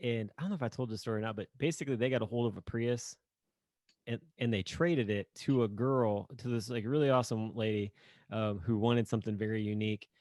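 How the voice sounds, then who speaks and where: A man's voice: lowish voice, quick pace, a little mellow, dry recording. A man from Northern Indiana co-hosting a podcast in casual chat. He is laid-back, laughs easily and rambles with fillers. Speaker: podcast co-host. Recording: dry close sound.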